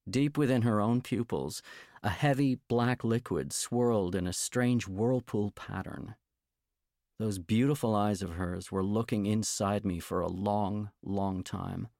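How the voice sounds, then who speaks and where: A man narrating a novel in the first person, with a measured, gentle storytelling manner and a gravelly voice. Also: on the low side, no room sound, studio quality. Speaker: audiobook narrator.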